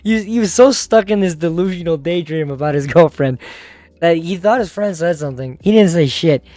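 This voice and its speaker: A man's voice: fairly high pitch, normal speed, warm tone, no room sound. A man narrating a manga recap in a casual, rambling, slangy way with frequent laughter. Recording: faint music behind.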